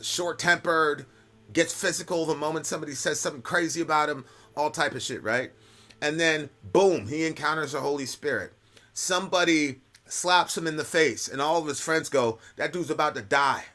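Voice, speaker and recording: A man's voice: fairly high pitch, sharp tone. A man hosting a live stream, answering viewer questions in a casual, conversational storytelling manner, often checking in with "right?".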